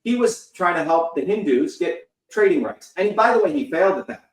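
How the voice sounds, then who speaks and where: A man's voice: sits high, animated, brisk. A man in his fifties, a guest in an interview, talking in an emphatic, profane, lecturing way. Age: 50s. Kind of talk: heated interview talk. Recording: roomy sound, distant from the mic.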